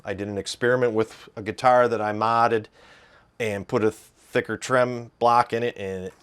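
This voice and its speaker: A man's voice: fairly low pitch, steady tone, moderate pace, a bit bright, clear, resonant tone. A man with a Midwestern accent talking casually about gear, rambling with fillers and restarts. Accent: Midwestern American. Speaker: guitar video host. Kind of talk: casual explanatory talk.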